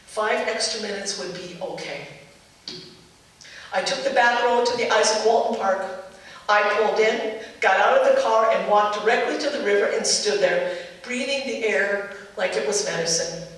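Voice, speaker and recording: A middle-aged woman from Minnesota telling a personal story to a live audience, measured and reflective, in short paced phrases. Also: medium pitch, heavy reverb, distant mic, rough recording.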